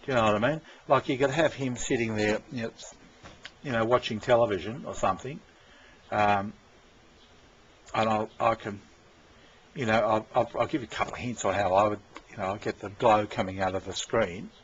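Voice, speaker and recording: A man's voice: fairly low pitch, fairly even intonation, a little fast, long pauses. A man talking in a rambling, casual monologue, full of fillers and restarts and swearing freely as he gives directions. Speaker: vlogger giving creative direction. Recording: dull lo-fi sound with faint room noise.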